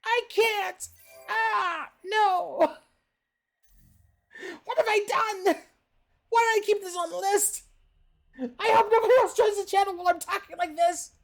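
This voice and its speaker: A squeaky, pinched puppet-monster voice pushed far above normal speaking range, as a woman strains to put it on. It refers to itself in the third person and sounds effortful and tight in the throat. Soft music plays faintly underneath during a gaming livestream. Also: a little slow, long pauses. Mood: strained silly. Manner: talks about himself in the third person.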